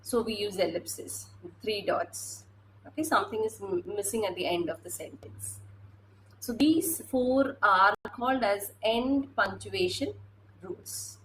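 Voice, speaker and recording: A woman teaches a class at an unhurried pace. She hesitates often and restarts her sentences. A faint hiss of noise sits under her voice. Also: medium pitch, a bit bright, poor audio. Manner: hesitant, many fillers and restarts. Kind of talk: classroom lecture.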